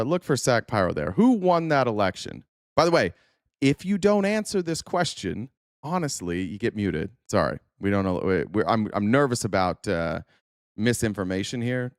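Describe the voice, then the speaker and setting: A man's voice: lowish voice, animated, normal speed, smooth, no room sound, clean studio sound. A man hosting a live stream, heatedly and sarcastically scolding his chat and swearing freely. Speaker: livestream host reacting to news. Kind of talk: profane live-stream rant.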